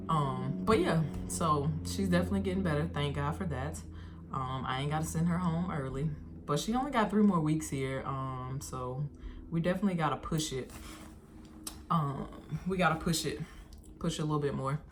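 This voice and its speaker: Woman vlogger, low voice, slangy casual storyteller who talks straight to camera. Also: normal speed, noisy background. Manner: slangy, chatty, addresses viewers directly.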